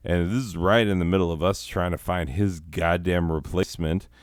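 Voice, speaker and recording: A man's voice: low-pitched, steady tone, moderate pace, no room sound, studio quality. A man hosting a comedy podcast, telling a rambling, profane story full of asides and self-corrections. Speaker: podcast host.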